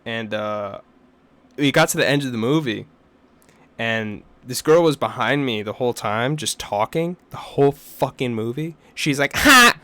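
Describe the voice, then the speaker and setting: A man's voice: mid-range voice, clear, resonant tone. A young man co-hosting a podcast, telling stories and ranting with lots of swearing in casual chat. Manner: profane, animated storytelling with rants. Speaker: podcast co-host.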